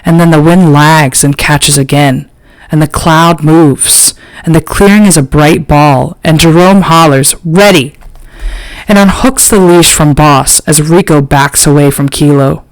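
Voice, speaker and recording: A woman reads an audiobook in a measured, literary way. She takes it very slowly, letting each phrase land. The recording is close and dry, with no room sound. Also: deep voice, dry recording, poor audio. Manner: slow, measured, literary reading. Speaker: audiobook narrator. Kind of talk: scripted narration.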